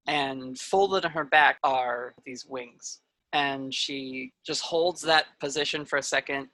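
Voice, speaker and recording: Bright, dry-voiced game master narrating. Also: female voice, very deep voice, gravelly, no echo, poor audio. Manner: loose, filler-heavy narration.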